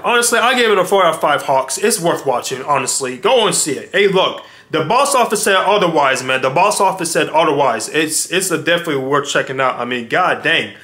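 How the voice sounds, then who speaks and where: A man in his twenties hosting a reaction video, excitable and slangy, often exclaiming and calling his viewers y'all. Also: fairly high pitch. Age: 20s. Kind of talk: casual reaction commentary.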